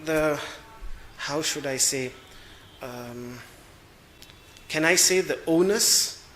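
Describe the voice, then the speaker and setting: A man giving a spiritual discourse as a Vedanta teacher, slow and measured, pausing to search for words as he explains. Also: on the high side, a bit bright, reverberant.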